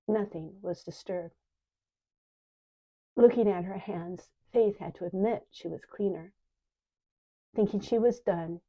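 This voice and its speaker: An older woman, an author narrating her own book in calm, even storytelling. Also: on the low side. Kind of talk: audiobook narration. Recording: dull lo-fi recording.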